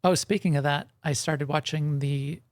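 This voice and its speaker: A man's voice: on the high side, steady tone, normal speed, no room sound, clean studio sound. A man co-hosting a gaming podcast in casual chat, rambling and correcting himself, with frequent chuckles. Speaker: podcast co-host.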